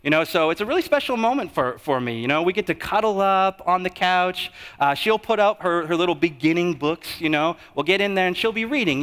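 A man in his thirties preaching a sermon in a church, telling a story with animated swings in his voice. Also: sits high, a little fast, few pauses, clear, resonant tone. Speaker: pastor. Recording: long hall reverb.

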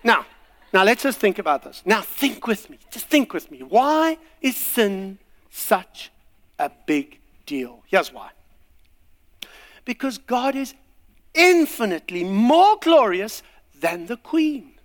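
A man's voice: high voice, sing-song, slow pace, fairly bright tone. A man preaching a sermon, acting out little scenes and voices as he goes. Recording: long hall reverb.

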